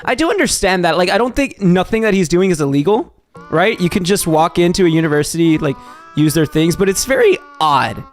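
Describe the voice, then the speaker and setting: A young man from Texas chats on a live stream in a slightly high voice, rambling through fillers and restarted sentences as he answers his viewers. Faint music plays quietly behind him. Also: lively intonation, brisk. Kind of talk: casual live-stream chat, reading viewer messages.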